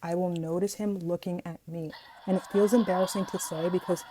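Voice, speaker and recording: Talking fairly quickly in a lowish voice, a young vlogger dramatically recounts a storytime, often speaking straight to her viewers as guys. She's chatty and animated, and there's background noise.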